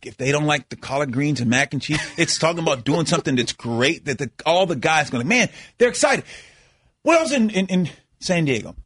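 A middle-aged man, a former player, holds forth on a sports talk show in a high-pitched voice, recorded dry and close. He is emphatic and circles back over his own words, restarting phrases as he pushes his point. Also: expressive, a little fast, a bit bright, breathy edge, no echo. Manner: emphatic, repeats himself, restarts often. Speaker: former basketball player turned analyst. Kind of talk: animated sports talk banter.

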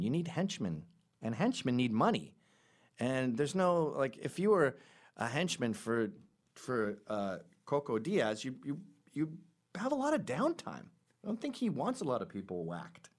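A man hosting a podcast, telling stories in a casual comedic monologue with quick asides. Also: fairly low pitch. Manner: animated storytelling with quick asides and laughs. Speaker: podcast host.

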